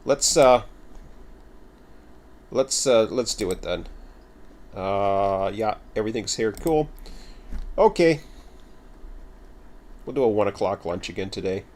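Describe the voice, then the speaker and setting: Low-voiced man rambling while streaming. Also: expressive, slow pace, long pauses, darkish tone. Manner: rambling, chatty, self-mocking. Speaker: game streamer. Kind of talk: casual livestream chatter.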